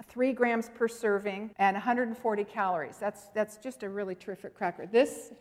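Woman seminar presenter, emphatic and animated, long hall reverb. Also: mid-range voice, moderate pace. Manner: emphatic, animated, talks to the audience directly. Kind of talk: lively teaching with personal stories.

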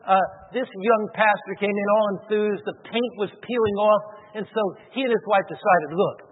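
A man preaches a sermon story with a high, husky voice, climbing loud and then falling soft and low. The sound is thin and phone-like, as on an old radio broadcast, with long hall reverb trailing behind. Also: fairly even intonation, moderate pace.

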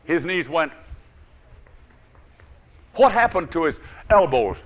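A male preacher telling a Bible story in a dramatic sermon, swinging from loud to hushed and chuckling often. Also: a little high, very animated, takes it slowly, highs cut off.

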